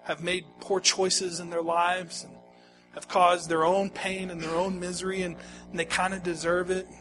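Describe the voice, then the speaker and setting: A man preaching a sermon, moving from hushed, slow lines to loud, pleading ones and repeating phrases for emphasis. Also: high-pitched, level tone, over music, poor audio. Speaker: pastor.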